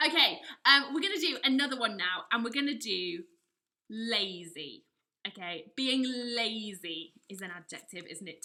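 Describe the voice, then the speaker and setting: A woman leading a children's drama lesson from home, coaxing in a lively teacher's manner and breaking into loud acted outbursts. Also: medium pitch, poor audio.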